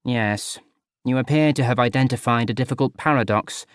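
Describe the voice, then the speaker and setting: A man's voice: medium pitch, moderate pace, smooth, no echo, clean studio sound, natural voice. A man reading an audiobook, voicing a blunt, pedantic female scientist who speaks formally and literally. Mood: dryly literal. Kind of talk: audiobook character voice.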